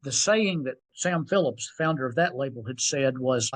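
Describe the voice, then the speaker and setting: A man from North Carolina, a songwriter guest on a podcast, telling his story in an unhurried, reflective way with small repeats as he remembers. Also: mid-range voice, animated, low-quality recording. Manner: reflective, unhurried, repeats words while recalling. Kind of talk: storytelling interview.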